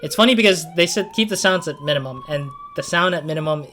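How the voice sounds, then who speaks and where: A man's voice: on the high side, quick pace, pushed and bright. A man commentating on his game play in a rambling, self-conscious way. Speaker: gamer commentator. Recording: siren noise behind voice.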